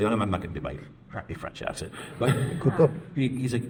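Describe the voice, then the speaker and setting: A middle-aged man answering a panel question at length, in an animated, rambling way with quoted voices. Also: mid-range voice, normal speed, background noise. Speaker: comics panelist.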